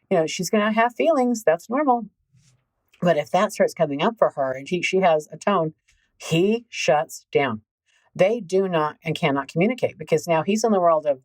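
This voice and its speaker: A woman hosting a podcast as a coach, talking in an animated, emphatic way straight to her listeners. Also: on the low side, moderate pace, dry recording, poor audio. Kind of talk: conversational podcast monologue.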